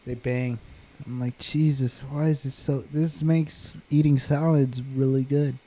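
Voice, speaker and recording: A young man in casual chat as a podcast co-host, relaxed and slangy. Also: medium pitch, a little slow. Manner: relaxed, slangy, says dude a lot.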